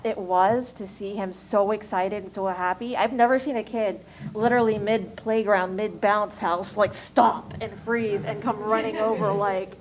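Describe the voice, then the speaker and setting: A woman on a convention panel telling a funny story, animated and expressive. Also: mid-range voice, measured pace, low-quality recording. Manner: animated storyteller, acts out voices. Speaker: costume volunteer panelist.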